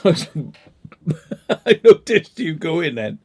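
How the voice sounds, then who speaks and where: A man's voice: on the high side, very animated, slow, breathy edge. A man hosting a livestream over a video call, giggly and rambling, swearing through casual banter. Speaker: livestream host.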